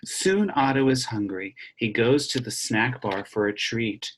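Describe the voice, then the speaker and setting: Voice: mid-range voice, a little slow, a little hiss or hum. An elementary music teacher reading a picture book aloud in an online lesson and chanting a clapped rhythm.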